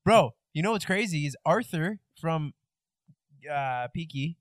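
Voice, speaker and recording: A man's voice: fairly high pitch, animated, dry recording. Young male, playful enthusiast, plain dry mic. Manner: enthusiastic, playful, quick to joke. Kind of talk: casual chat among friends.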